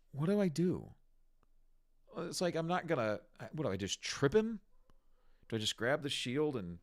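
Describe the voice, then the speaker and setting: A man ranting through commentary on clips, exasperated and mocking as he swears his way through it. His pitch swings widely, leaping up when he gets worked up and dropping low when he turns scornful. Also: a bit bright. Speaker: commentary host.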